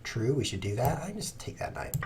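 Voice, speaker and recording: A man's voice: mid-range voice, very animated, a little fast, darkish tone, a little hiss or hum. A man hosting a chess livestream, talking casually and rambling with playful sarcasm at his computer. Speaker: chess streamer host. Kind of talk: casual livestream commentary while playing.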